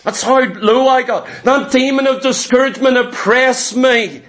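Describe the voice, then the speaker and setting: A man's voice: extremely high pitch, a little slow, noisy background. A man preaching a fervent sermon, repeating phrases and calling out to the congregation as saints.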